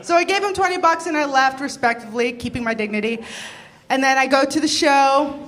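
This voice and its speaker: A Canadian woman does a brash, punchy stand-up set in front of an audience, laughing between her jokes. Her voice sits high, brisk and a little bright, and the live comedy club recording carries background noise.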